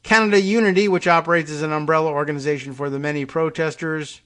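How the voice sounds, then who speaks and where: A man hosts a radio talk show from a studio microphone, reading news copy in a somewhat high voice. He breaks off often into dry, sarcastic remarks, trailing off with fillers as he thinks aloud. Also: steady tone, fast, fairly bright tone.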